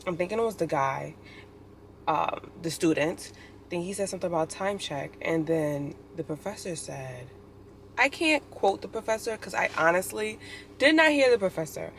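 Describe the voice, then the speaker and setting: A woman's voice: lowish voice, animated, moderate pace, slight background noise. Chatty young woman vlogging. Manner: chatty, opinionated, lots of "like". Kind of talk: casual storytelling vlog.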